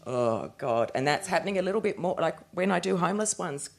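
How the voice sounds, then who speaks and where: An Australian woman cartoonist telling stories on a discussion panel, rambling and animated with many restarts. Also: on the low side, quick pace, gravelly.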